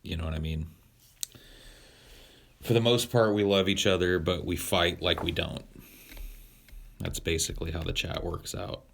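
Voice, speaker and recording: A young man casually chatting with his livestream chat, profane and rambling, mock-ordering everyone to calm down. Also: deep voice, normal speed, vocal fry, long pauses, slight background noise. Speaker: streamer talking to his live chat.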